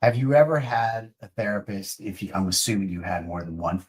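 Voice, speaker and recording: A man's voice: lowish voice, expressive, a little fast, darkish tone. A man, podcast co-host and military veteran, chatting casually and asking questions. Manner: asks questions, frequent short agreements.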